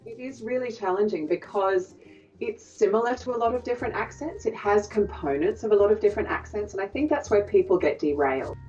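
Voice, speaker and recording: A woman's voice: medium pitch, fairly quick, mellow, soft background music. A woman dialect coach answering interview questions in a thoughtful, hedging way. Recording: dull, distant interview audio.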